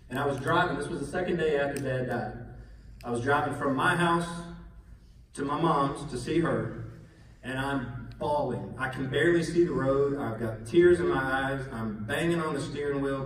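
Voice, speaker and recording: A man in his forties, the son, giving a funny and earnest memorial tribute with self-deprecating stories. He chuckles often as he talks. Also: mid-range voice. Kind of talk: humorous eulogy storytelling. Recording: echoey hall recorded from far off.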